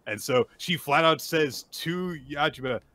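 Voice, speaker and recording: A young man co-hosting a casual manga recap podcast, animated, often laughing and bursting into excited quoted voices. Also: a little high, a little slow, dry recording. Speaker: podcast co-host.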